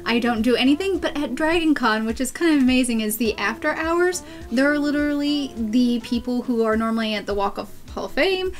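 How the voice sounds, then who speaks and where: A woman's voice: on the high side, expressive, brisk, hardly any pauses, soft background music. A woman co-hosting a podcast, telling a story in a bubbly, laughing way. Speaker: podcast co-host. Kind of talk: casual storytelling chat.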